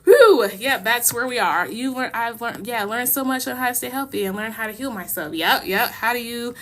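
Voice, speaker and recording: A young American woman hosting a casual livestream, talking in a rambling, passionate way with quick laughs and many restarts. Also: fairly high pitch, expressive, background noise. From United States. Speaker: livestream host.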